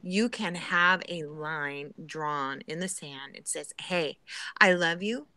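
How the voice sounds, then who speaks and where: A woman chatting earnestly on a live stream, giving gently preachy, faith-centred advice. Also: sits low, takes it slowly. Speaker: guest in a live chat. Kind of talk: casual chat.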